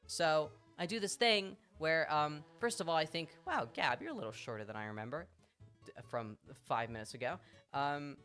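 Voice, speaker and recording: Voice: medium pitch, normal speed, a bit bright, smooth, faint music behind. A streamer telling a story in casual chat on a live stream, chatty and swearing freely.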